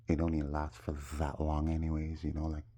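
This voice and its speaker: A man's voice: a bass voice, monotone, a little fast, mellow. A man from Jamaica with a Jamaican accent, rambling through a casual story and calling his viewers "people". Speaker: vlogger.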